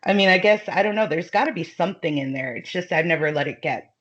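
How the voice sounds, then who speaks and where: A woman's voice: on the low side, fast talker, fairly bright tone, highs cut off. A woman with a Southern American accent chatting casually as a podcast guest, laughing often and using many fillers. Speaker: guest author.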